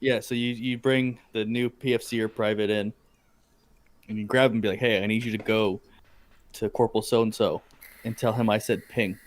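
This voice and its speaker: A man who is a podcast guest and veteran, telling a barracks prank story in a relaxed, laughing way. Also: fairly low pitch, normal speed. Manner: laid-back, chimes in, laughs while telling stories. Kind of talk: casual storytelling chat.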